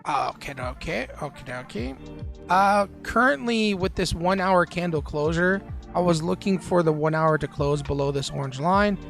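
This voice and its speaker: A man hosting a casual live trading stream. He chats loosely with viewers and uses lots of fillers. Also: on the high side. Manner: relaxed, filler-heavy, chatting with viewers while trading.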